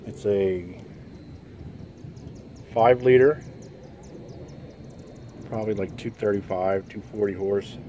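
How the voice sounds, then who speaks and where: A man's voice: fairly low pitch, takes it slowly, long pauses, warm tone. A middle-aged man showing off a car for sale in a casual, rambling way, talking around a cigar, outdoors and then inside the car. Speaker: car seller. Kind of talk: casual walkaround video. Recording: outdoor street and engine noise.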